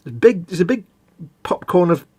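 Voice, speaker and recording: A man's voice: high voice, lively intonation, normal speed, darkish tone, breathy edge, dry recording. A man co-hosting a hobby live stream, chatting casually and rambling, often trailing off mid-thought. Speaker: co-host of a model-building live stream. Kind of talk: casual chat.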